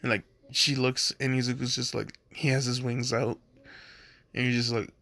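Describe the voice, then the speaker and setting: Gravelly young man rambling casually. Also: mid-range voice, level tone, moderate pace, sharp tone. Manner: rambling, full of "like", jumps into quoted voices. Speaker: fan storyteller. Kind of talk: casual storytelling.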